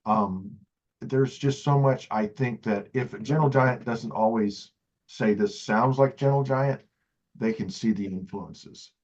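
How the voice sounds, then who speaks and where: A man's voice: mid-range voice, slow, a little mellow, dull audio. A man hosting an interview, earnest and enthusiastic, restarting phrases as he builds his point. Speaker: interview host. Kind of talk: casual interview chat.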